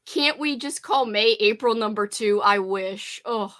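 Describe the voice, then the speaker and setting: A young woman hosting a casual livestream chat, giggly and animated, swearing now and then. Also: mid-range voice, unhurried. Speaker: channel host.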